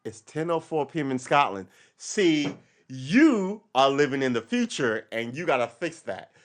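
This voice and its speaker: A man's voice: medium pitch, very animated, a little slow. A man hosts a loose live podcast and rants in a rambling, wry manner. He keeps wandering off on tangents and talks to his listeners as he goes. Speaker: podcast host. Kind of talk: casual live-stream rant.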